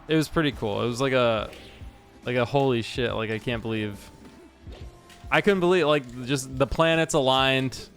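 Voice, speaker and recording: A man's voice: medium pitch, moderate pace, pauses often, a bit bright. A man chatting casually on a game stream, telling a long story with many restarts and fillers. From Washington state. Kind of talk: casual stream chat while gaming. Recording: faint music underneath.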